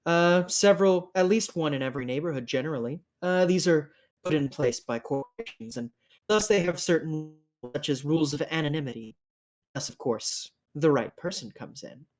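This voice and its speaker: A man voicing a stiff, discreet, ghoulishly tall male clinic attendant in a tabletop role-playing game, with hesitant pauses. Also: on the high side, close to an everyday voice. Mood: prim, guarded.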